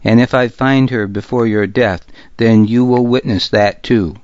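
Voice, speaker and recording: A man voicing a proud but weary Danish jarl who speaks in a measured, almost pleading way. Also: medium pitch, steady tone, a little mellow, no echo, lo-fi sound, natural voice. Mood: grave.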